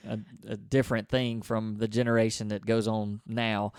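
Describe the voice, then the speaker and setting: A man's voice: fairly low pitch, level tone, moderate pace, a little mellow, clear, resonant tone, dry recording, clean studio sound. A man, co-hosting a podcast and telling a childhood story in casual conversation, acting out his own thoughts as he goes. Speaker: podcast co-host.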